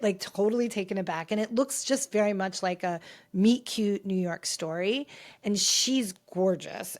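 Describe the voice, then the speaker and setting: A woman's voice: medium pitch, darkish tone. Chatty, candid woman podcast host. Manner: chatty, candid, rambling with restarts. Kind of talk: casual pop culture chat. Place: home filming set.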